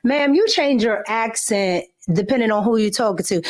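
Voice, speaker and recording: A woman's voice: mid-range voice, normal speed, few pauses. A woman host giving sassy, emphatic opinion commentary in casual slang; her family is Cuban.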